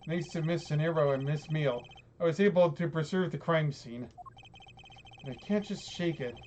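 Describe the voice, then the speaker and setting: A man's voice: on the high side, darkish tone, slight background noise, natural voice. A man reading a composed, formal male prosecutor. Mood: measured. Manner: measured, formal inner monologue. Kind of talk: reading game dialogue aloud.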